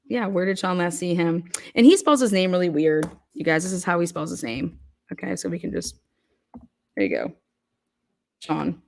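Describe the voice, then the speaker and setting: A woman's voice: on the low side, gravelly. Blunt, heated woman commenting on a case. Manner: blunt, heated, rhetorical questions. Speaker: true crime commentator. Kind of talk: casual, profane true crime commentary.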